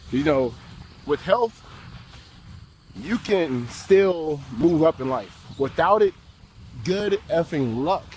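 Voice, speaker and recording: A young American man vlogging outdoors, talking in a slangy, laid-back, animated way as he walks city streets. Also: fairly high pitch, slight background noise. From United States. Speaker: travel vlogger. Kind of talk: casual walk-and-talk vlog.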